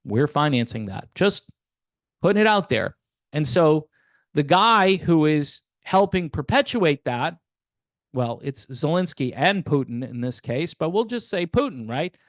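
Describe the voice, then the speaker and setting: A man's voice: on the high side, fairly bright tone, dry recording, clean studio sound. A man hosting a casual political commentary monologue, sarcastic and wry, chuckling and talking straight to his viewers. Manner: conversational, addresses viewers directly.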